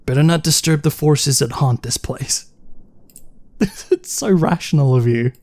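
A man's voice: fairly high pitch, lively intonation, a little slow, darkish tone, no echo. Sarcastic man narrating a horror game. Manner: sarcastic, reacting aloud while playing alone. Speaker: gaming channel host. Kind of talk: let's play commentary with read-out game text.

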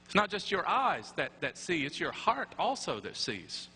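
Bright-voiced man preaching in an echoey chapel. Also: on the high side, huge pitch swings, normal speed. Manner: conversational, with tag questions and wry asides. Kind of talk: sermon. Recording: echoey chapel with faint hum.

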